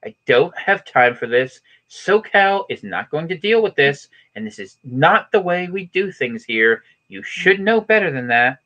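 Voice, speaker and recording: Brief: man impersonating a curt, dismissive young SoCal woman, bright and snippy. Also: fairly high pitch, sing-song, measured pace, hardly any pauses, dull audio, voice pushed up, exaggerated voice.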